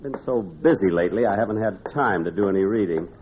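A man hosting and narrating a 1950s radio comedy sketch with deadpan comic timing and wry asides. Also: on the low side, fast. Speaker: comedy show host and narrator. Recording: tinny noisy old radio broadcast.

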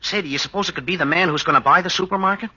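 A man's voice: high voice, racing, pushed and bright, slightly rough, highs cut off. A man starring in a 1940s radio comedy, wisecracking and chuckling at his own jokes. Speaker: comedian, star of the show. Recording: noisy old radio broadcast.

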